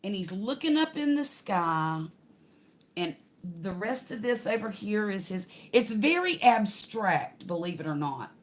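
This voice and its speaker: A woman's voice: medium pitch, very animated, a little slow. An older woman, chatting casually to livestream viewers while unboxing a craft kit.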